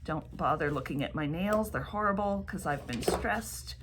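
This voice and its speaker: Woman podcast co-host, chatty, a bit low, faint background noise. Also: animated, normal speed. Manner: chatty, laughs often. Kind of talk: casual chat.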